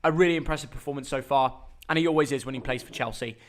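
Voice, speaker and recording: A young man hosting a live football reaction stream, chatty and energetic. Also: mid-range voice, quick pace.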